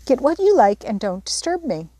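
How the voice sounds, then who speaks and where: A woman's voice: on the high side, sing-song, normal speed, warm tone, dry recording, voice pushed up. A woman reading aloud, voicing a middle-aged mother who airily declares she is taking a day off from housekeeping. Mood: breezy. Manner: breezy and dismissive.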